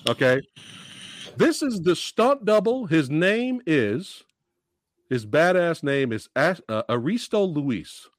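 A man hosting a movie podcast, going on a profane, animated rant about a film and laughing between points. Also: a little high, no room sound, clean studio sound. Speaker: podcast host. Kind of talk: heated movie review rant.

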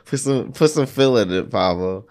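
A man co-hosting a casual podcast. He takes his time, stretching out his words as he teases his friends. His pitch rises and falls freely. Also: expressive, measured pace, darkish tone. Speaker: podcast co-host. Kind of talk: casual chat among friends.

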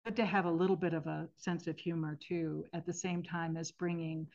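A woman in her sixties, a podcast guest, telling stories about singing at the end of life in a thoughtful, earnest way with gentle restarts. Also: fairly low pitch, steady tone, a little fast. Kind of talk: reflective interview storytelling. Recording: slightly muffled podcast audio.

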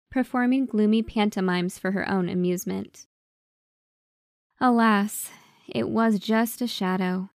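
A woman reading a dark, wry storybook tale in a dramatic narrating voice, with hushed asides. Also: medium pitch, no room sound, clean studio sound.

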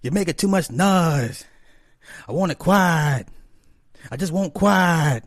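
A man putting on the voice of an irate grown man who whines and pleads for peace and quiet, in a drawn-out, pleading way. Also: on the high side, lively intonation, no echo, clean studio sound, pitched above the performer's own voice, exaggerated voice. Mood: whiny.

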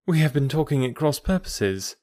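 A man voicing a young woman in an audiobook, speaking in a low, eager voice with a slight lisp and hushed, hurried warnings. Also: sing-song, no echo, studio quality, close to an everyday voice. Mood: polite. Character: young woman, urgent and secretive. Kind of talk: audiobook character voice.

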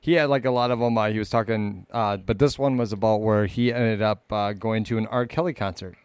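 A man's voice: lowish voice, fairly even intonation, a little fast, clean tone, no room sound. A man hosting a podcast, talking casually and laid-back with lots of filler words. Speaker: podcast host. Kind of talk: casual chat.

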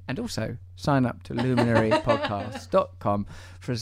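A man's voice: mid-range voice, huge pitch swings, moderate pace, gravelly, few pauses. A man hosting a podcast, talking in a rambling, playful way with self-mocking asides. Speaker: podcast host. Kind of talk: casual podcast intro and chat.

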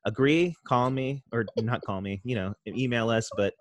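A man's voice: medium pitch, moderate pace, no room sound. A man co-hosting a podcast, chatting casually with lots of fillers and laughter, on a headset microphone. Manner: rambling, laughs often, many fillers. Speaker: podcast co-host. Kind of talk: casual comedy chat.

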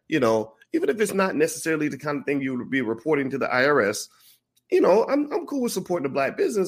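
A man casually telling a long, profane personal story, acting out the voices of the people in it. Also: a little high. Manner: animated, profane, acts out quoted voices.

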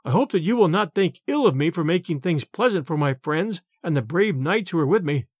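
A man's voice: on the high side, expressive, fairly quick, husky, dry recording, clean studio sound. A man voicing a worried, pleading abbot in a storybook reading. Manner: earnest, pleading.

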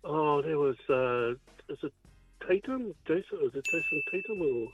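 Kiwi man, radio caller, lively swooping pitch, laughs a lot, faint music underneath. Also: normal speed, narrow, tinny audio.

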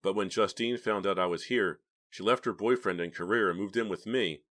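A man's voice: lowish voice, a little fast, fairly bright tone. A man reading an audiobook, voicing an ill, guilty older uncle who pleads and breaks down. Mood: pleading.

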